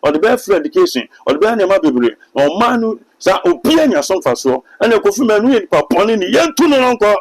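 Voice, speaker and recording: A Ghanaian pastor and prophet, speaking with a Ghanaian accent, preaches emphatically during an interview and mixes in English phrases. His high voice swings widely in pitch, and he talks quickly with hardly any pauses on a rough recording.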